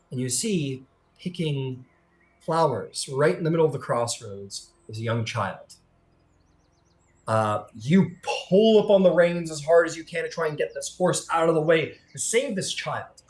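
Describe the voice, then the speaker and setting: Man narrating as game master. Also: fairly high pitch. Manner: vivid scene-setting with frequent "um" pauses.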